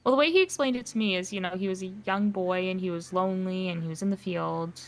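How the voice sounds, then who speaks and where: A woman chatting in character during an improvised roleplay, teasing and animated, with sudden jumps in pitch. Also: fast, slight background noise.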